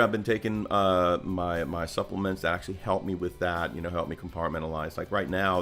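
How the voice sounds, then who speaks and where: Low-pitched male co-host, rambling casual chatter, faint music bed. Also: fast, hardly any pauses, fairly bright tone. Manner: rambling, many restarts and fillers. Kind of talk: casual livestream chat.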